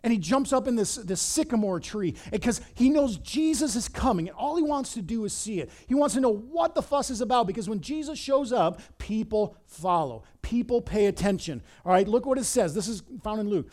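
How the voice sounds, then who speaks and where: Male pastor, high pitched and very animated, emphatic storyteller in the pulpit. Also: brisk, few pauses. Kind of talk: sermon.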